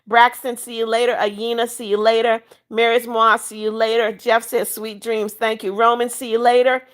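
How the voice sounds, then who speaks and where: Woman livestream host, raised pitch, chatty, reads chat out loud and greets each viewer. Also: little pitch movement, normal speed. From United States. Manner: reads viewer comments aloud and answers each by name. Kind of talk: casual livestream chat reading comments.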